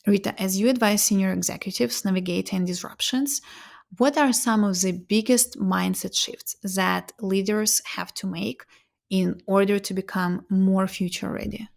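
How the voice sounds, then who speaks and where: A woman hosting an interview, asking measured, prepared questions. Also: medium pitch, steady tone, creaky. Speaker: host.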